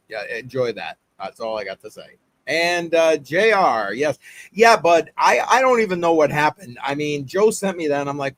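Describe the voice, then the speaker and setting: A man hosting a casual livestream, giving upbeat shout-outs to chat with lots of fillers. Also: a little high, no echo. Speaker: livestream host.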